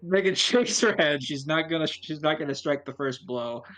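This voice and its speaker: A woman's voice: deep voice, lively intonation, moderate pace, rough recording. Giggly woman player narrating her character. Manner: giggly, rambling. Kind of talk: tabletop game play.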